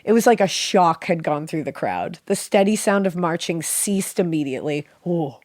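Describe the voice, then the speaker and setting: A woman with a sick, slightly off voice reads a listener's dream story aloud as a podcast co-host. She tells it in an animated way, with joking asides. Her pitch is on the low side and the recording is close and dry. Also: normal speed, no room sound. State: sick, voice a little off.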